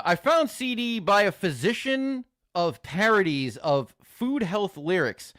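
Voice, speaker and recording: A man's voice: fairly high pitch, fairly bright tone, dry recording, clean studio sound. A man hosting a live stream, chatting casually with viewers in a crude, joking, rambling way, swearing often. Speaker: streamer host reacting to videos.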